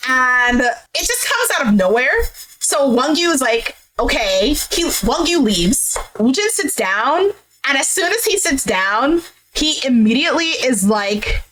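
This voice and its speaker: A woman recapping a dating show episode in a casual, animated way, quoting the cast as she retells each scene. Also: sits high, poor audio. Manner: retells scenes animatedly, acting out quotes with "he's like". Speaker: recap vlogger. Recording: faint background noise.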